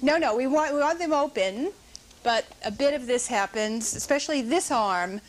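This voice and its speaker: A woman's voice: sits high, lively intonation, normal speed, faint music behind. A middle-aged woman teaching a dance notation class in a studio, coaching dancers and calling counts aloud.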